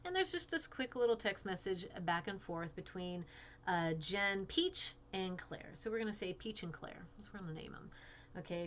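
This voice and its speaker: A woman's voice: medium pitch, expressive, moderate pace, a bit bright, a little hiss or hum. Chatty, frank woman instructor. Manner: chatty, frank, frequent "you know" and "right?". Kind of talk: casual recorded lecture.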